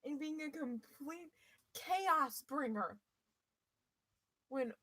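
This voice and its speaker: A woman telling a personal story to her viewers in a lively, playful, mischievous way. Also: high-pitched, extremely slow, poor audio. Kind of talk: casual storytelling.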